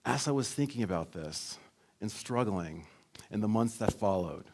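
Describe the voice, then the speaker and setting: A man giving a motivational keynote, telling a personal story in a lively way and acting out quoted lines. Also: lowish voice, moderate pace. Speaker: keynote speaker.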